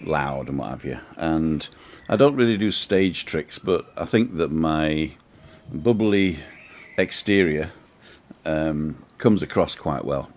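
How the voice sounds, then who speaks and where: A man's voice: a bass voice, expressive, takes it slowly. A man tells a long, chatty story on his live show, wandering off into asides as he goes. He speaks casually from an outdoor balcony in the sun. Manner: chatty, rambling anecdotes with asides. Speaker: host.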